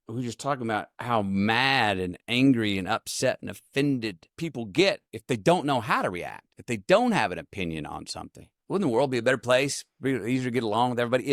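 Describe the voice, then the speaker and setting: A middle-aged man answers an interview question with a playful, drawling delivery. His pitch rises and falls a great deal as he talks. The recording is dry and close. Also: big pitch swings, fairly quick, few pauses, no echo.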